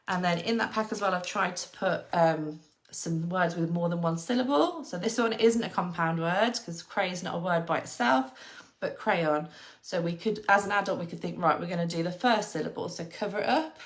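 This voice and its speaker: A woman, a former teacher, explaining phonics to parents and patiently sounding out letters one by one. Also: medium pitch.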